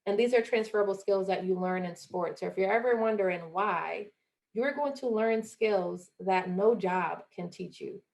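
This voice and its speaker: A woman's voice: medium pitch, normal speed, gravelly, darkish tone. A young woman from Jamaica, a former college athlete, speaking earnestly as a podcast guest and acting out the voices she quotes. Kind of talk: motivational interview talk.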